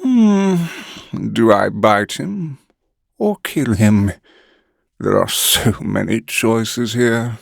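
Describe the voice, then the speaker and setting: A male narrator voicing a cruel, mocking male vampire who taunts in slow, purring menace. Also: medium pitch, expressive, vocal fry, no room sound, studio quality, exaggerated voice. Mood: taunting.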